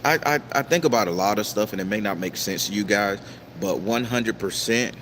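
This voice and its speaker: A man hosting a casual livestream and reading out viewer comments, talking in a profane, preachy, emphatic way with sudden high-pitched outbursts. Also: fairly quick, a bit bright, a little hiss or hum. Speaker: tarot reader and livestream host.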